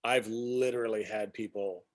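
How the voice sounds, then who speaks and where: A man's voice: lowish voice, fairly even intonation, moderate pace. A man hosting a casual weekly live stream, rambling as he greets viewers by name and shares news. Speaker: host.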